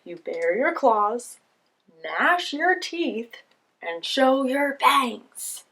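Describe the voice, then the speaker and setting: A woman's voice: sing-song, fairly bright tone, full character voice. A woman voicing a bossy, unimpressed lion who coaches a child in a children's book read aloud. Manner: slow, booming, commanding.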